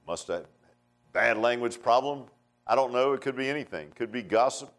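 A man preaching a sermon in a folksy, conversational way, swinging between emphatic outbursts and hushed asides. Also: mid-range voice, lively intonation, normal speed.

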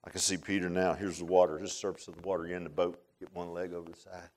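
A male pastor preaching a sermon in an animated, informal way, often repeating words and making joking asides to the congregation. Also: low-pitched, rapid-fire.

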